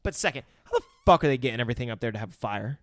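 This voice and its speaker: Profane, animated male podcast host. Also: mid-range voice, racing, dry recording. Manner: profane, animated, recaps scenes acting out lines. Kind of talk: casual movie review chat.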